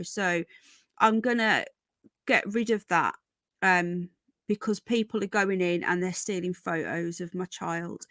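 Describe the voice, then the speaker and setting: A woman's voice: medium pitch, fairly bright tone, dry recording. A woman hosting a casual livestream from home, chatting and greeting viewers with endearments like darling and sweetheart. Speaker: livestream host.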